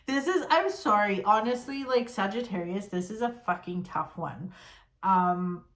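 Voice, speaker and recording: Woman tarot reader, casual and blunt, exasperated tone, cursing, middle pitch, roomy echo. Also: a little slow. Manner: blunt, exasperated, swears freely. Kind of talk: casual tarot reading to camera.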